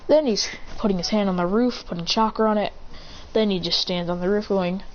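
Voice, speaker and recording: A woman improvises a fan story aloud, rambling and restarting as she goes. Her voice sits at a middle pitch, and the recording is a little dull with faint hiss behind it. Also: steady tone, brisk. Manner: rambling, makes it up on the spot with restarts. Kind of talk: improvised fan-fiction narration. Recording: slightly muffled with faint hiss.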